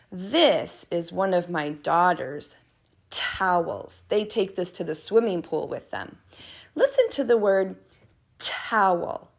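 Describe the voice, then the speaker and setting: A middle-aged woman teaching preschoolers from home, speaking slowly in an encouraging, sing-song manner. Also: mid-range voice. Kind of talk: video lesson for young children.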